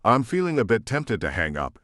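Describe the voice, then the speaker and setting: A man narrating a romance audiobook in the first person, in a relaxed, reflective storytelling manner. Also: mid-range voice, brisk, no echo, clean studio sound.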